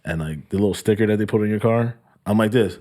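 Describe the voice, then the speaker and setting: A man co-hosting a podcast, telling a profane story in a casual, animated way and acting out the people in it. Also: lowish voice, quick pace. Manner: profane, animated, acts out quotes. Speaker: podcast co-host.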